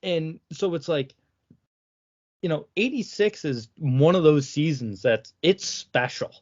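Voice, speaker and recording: A man's voice: on the high side, expressive, unhurried, darkish tone. A man co-hosting a casual sports podcast, opinionated and saying "like" often. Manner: opinionated, uses "like" a lot. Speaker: podcast co-host. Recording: dull lo-fi recording.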